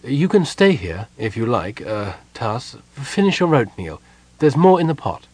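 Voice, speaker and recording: A man voicing a tired, sharp-tongued middle-aged woman who speaks curtly in an audiobook. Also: medium pitch, big pitch swings, unhurried, slightly rough. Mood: brisk. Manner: curt, demanding.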